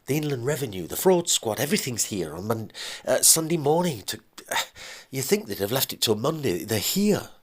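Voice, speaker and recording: A man with a deep voice voicing a panicking businessman ex-husband, putting on a gaspy, raspy, strained voice that sounds frantic and breathless in a spoken story. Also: sing-song, moderate pace. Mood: panicked.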